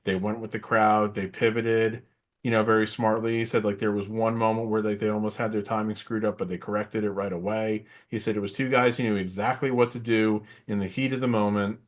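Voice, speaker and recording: A man's voice: fairly low pitch, a little fast. A middle-aged man co-hosting a podcast, chatting casually about wrestling in a rambling way with lots of fillers. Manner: rambling, filler-heavy, animated asides. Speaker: podcast co-host.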